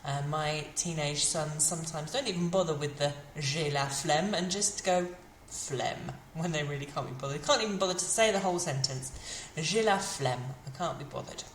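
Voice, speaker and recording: A woman, teaching beginners French idioms and repeating each phrase slowly. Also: sits low, reverberant, slight background noise. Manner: slow, carefully modelled French phrases between English explanations. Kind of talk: beginner language lesson.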